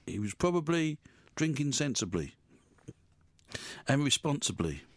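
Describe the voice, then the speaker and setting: A man's voice: medium pitch, sing-song, measured pace, no room sound. A man presenting a radio show, bantering with guests in the studio in a rambling, teasing, self-mocking way. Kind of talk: jokey live studio banter.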